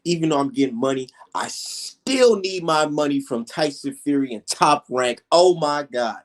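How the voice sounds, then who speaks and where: A man's voice: fairly high pitch, animated, moderate pace. A young man ranting heatedly and profanely straight to his viewers in a casual vlog. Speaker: vlogger.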